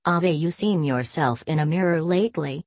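A woman's voice: low voice, moderate pace, a little mellow, no echo, studio quality. A woman doing a sarcastic male gatekeeper. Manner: sarcastic, scornful.

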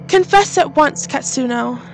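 A woman's voice: sits high, expressive, measured pace, faint music behind. A woman voicing a stern male store manager in a horror game, speaking formally and with authority.

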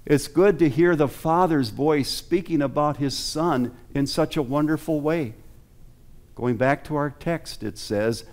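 A man's voice: a little high, unhurried, a little mellow. Earnest male pastor preaching a sermon. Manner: earnest, asks the congregation rhetorical questions. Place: church sanctuary.

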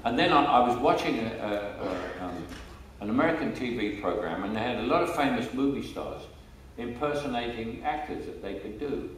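An older man with a Cockney accent tells stories as an interview guest, chatty, laughing often and repeating words as he restarts. His medium-pitched voice is expressive and fairly quick, with hardly any pauses. The casual anecdotal interview is recorded in an echoey room with a distant mic and a little hiss or hum.

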